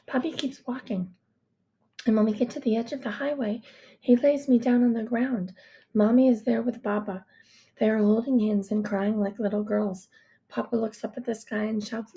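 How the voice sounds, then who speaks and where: A woman reading a first-person story in a hushed, intimate way. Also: fairly high pitch, normal speed. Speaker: audiobook reader.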